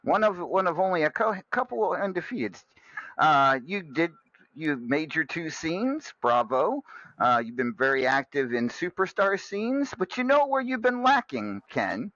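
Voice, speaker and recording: Lively, bright-voiced male host. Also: fairly high pitch, measured pace, dry recording, lo-fi sound. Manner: lively, stammering, joking. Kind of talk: casual show hosting.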